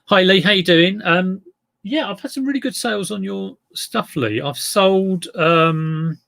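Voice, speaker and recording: A man's voice: high voice, a little slow, creaky, fairly bright tone. A middle-aged man chatting casually on a live stream as an eBay reseller, rambling and greeting viewers by name.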